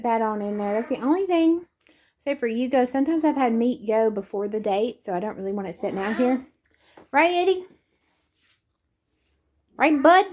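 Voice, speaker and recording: A young woman chatting casually through a grocery haul, rambling and friendly in tone. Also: mid-range voice. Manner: chatty, rambling, talks to her cat in a sing-song voice. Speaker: vlogger.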